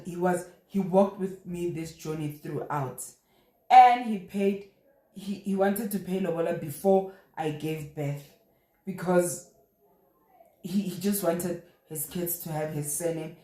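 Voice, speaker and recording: A young South African woman telling a personal story in a lively, animated way, with frequent exclamations. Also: on the low side. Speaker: vlogger. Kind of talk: casual storytelling. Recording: echoey room.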